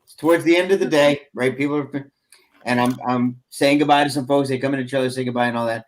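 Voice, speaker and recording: A man's voice: medium pitch, fast. A man hosting a casual podcast chat, telling a story with lots of laughter and acted-out quotes. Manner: animated storyteller, laughs often, acts out quotes.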